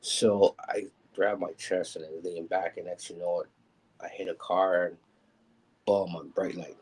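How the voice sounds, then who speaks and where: A man's voice: low voice, level tone, measured pace, a little mellow, breathy edge, poor audio. A man candidly telling a personal story on a live show, rambling with many ums and acting out what people said.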